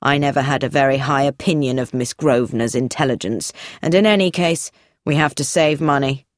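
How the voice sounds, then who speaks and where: A woman's voice: extremely low pitch, brisk, dry recording, studio quality, voice pushed down. A woman voicing a stiff, cold older brother, a businessman who speaks coldly and defensively.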